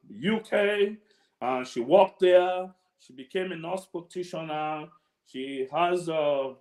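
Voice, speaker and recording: A man with a Sierra Leonean accent hosts an online event, telling anecdotes in a chatty way. His voice sits a little high. The sound has a roomy echo. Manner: chatty, anecdotal, laughs often. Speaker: event host. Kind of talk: casual hosting on a video call.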